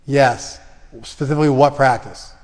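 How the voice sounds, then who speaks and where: A man leads an interactive scripture class with a mid-pitched voice, firing questions at students by name. He pushes them hard and teases them without holding back. His voice carries a long reverb from the room. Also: steady tone, moderate pace, a little mellow. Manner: blunt, teasing, calls on students by name. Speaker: Bhagavad Gita teacher.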